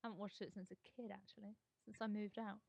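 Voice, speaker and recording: A woman's voice: medium pitch, little pitch movement, fast talker, vocal fry, darkish tone, no echo. A young woman chatting casually while gaming, teasing and giggling as she tells stories. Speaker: gaming co-host.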